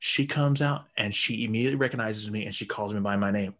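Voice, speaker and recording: A man telling a crude story in a casual podcast chat, swearing heavily and laughing while acting out quotes in an animated way. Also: fairly low pitch, fast.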